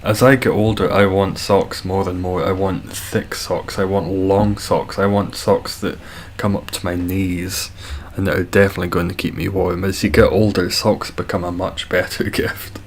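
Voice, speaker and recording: Low-voiced Scottish man streaming. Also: little pitch movement, normal speed, few pauses, slight background noise. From Scotland. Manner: laid-back, swears casually, reads chat aloud and chuckles. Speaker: live streamer. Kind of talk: casual live-stream chat with viewers.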